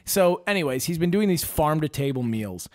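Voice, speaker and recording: A man hosting a casual podcast, ranting and swearing freely as he tells animated stories. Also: fairly high pitch, moderate pace, no echo, studio quality. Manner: profane, ranting, animated storytelling. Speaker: podcast host.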